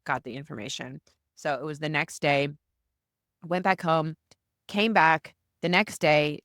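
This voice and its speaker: A woman hosts her own podcast and tells a personal story, acting out the lines of the people in it. Her voice sits low, and the recording is close and dry. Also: no echo. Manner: animated, acts out quoted dialogue. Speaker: podcast host. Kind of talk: storytelling solo episode.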